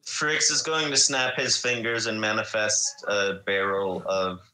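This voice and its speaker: Slow, bright game master in an echoey room. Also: male voice, lowish voice, steady tone, a little hiss or hum. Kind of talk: tabletop game chat on a live stream.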